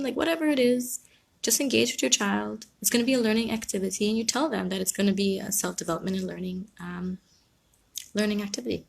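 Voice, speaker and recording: A woman counsellor speaking calmly and reassuringly on a live stream, giving advice and answering viewers. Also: mid-range voice, fast, creaky. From Guyana. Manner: calm, reassuring, reads out viewer comments.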